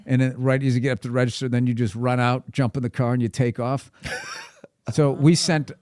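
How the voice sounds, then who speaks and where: A man's voice: mid-range voice, fairly quick, dry recording, clean studio sound. A comedian guest telling a long, profane story on a podcast, laughing as he goes. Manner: profane, animated, laughs through his story.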